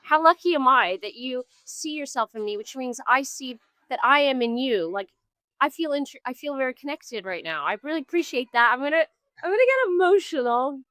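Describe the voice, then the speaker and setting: Woman, musician guest, earnest, halting restarts, higher pitch, dry sound. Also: lively intonation, bright, forceful tone, dry recording. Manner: earnest, searching, trails off and restarts. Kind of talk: street interview. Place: outdoors on a street.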